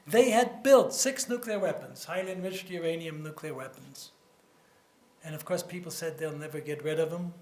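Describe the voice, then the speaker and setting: A man in his seventies delivers a public lecture in a fairly high voice. He speaks in a measured, conversational way, often repeating a word before moving on. The sound is roomy, like a lecture hall. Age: 70s. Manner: measured and conversational, with frequent "you know" and repeated words. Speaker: guest lecturer on nuclear security.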